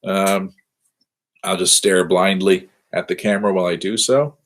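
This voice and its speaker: A university lecturer wraps up a casual livestreamed lecture from his office over a webcam. His voice is low-pitched, with a steady tone and normal speed, and he rambles a bit, self-deprecating and full of wry asides.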